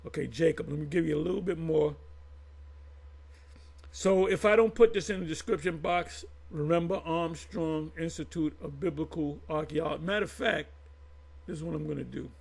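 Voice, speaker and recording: Man host, high voice with husky gravel, rambling and emphatic, unscripted commentary to his viewers. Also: a little mellow. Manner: rambling, halting, with frequent restarts and asides; emphatic, addressing viewers directly. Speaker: channel host teaching Bible history. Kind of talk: casual unscripted commentary, reading sources aloud.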